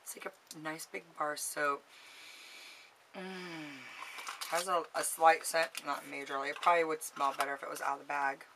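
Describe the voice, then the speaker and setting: A woman's voice: sits low, fairly even intonation, moderate pace, background noise. A woman chatting casually to a camera about makeup and gifts, bubbly and gushing. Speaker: beauty vlogger. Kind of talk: casual haul chat to camera.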